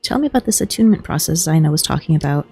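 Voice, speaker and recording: A woman streaming a game, chatting in a relaxed, wry way and reading dialogue aloud. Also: deep voice, very fast, vocal fry, faint music behind, low-quality recording. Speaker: gaming streamer. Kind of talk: casual gameplay chat, reading dialogue aloud.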